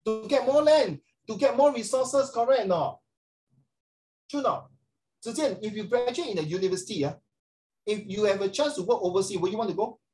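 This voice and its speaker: A man's voice: sits high, a little fast, a little mellow, low-quality recording. Singaporean man teaching a class. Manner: chatty, peppers talk with rhetorical tag questions. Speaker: social studies teacher. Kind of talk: classroom lecture.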